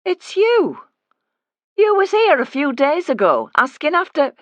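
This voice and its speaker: Man reading as a mother, sullen and suspicious, high and shrill, loud and pushy, audiobook voice, dry close sound. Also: lively intonation, moderate pace, clean tone, no room sound, muffled recording. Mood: hostile. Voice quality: sharp, high and combative. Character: sullen older working-class mother, suspicious and protective. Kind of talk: audiobook character voice.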